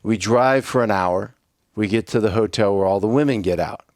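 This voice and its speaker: A man's voice: lowish voice, normal speed, no echo, clean studio sound. Profane middle-aged man spinning a wild story. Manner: animated, swearing, acts out dialogue. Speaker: podcast guest.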